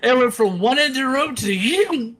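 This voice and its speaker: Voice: high voice, lively intonation, moderate pace, fairly bright tone. A player in a tabletop game, chatting with bursts of laughter.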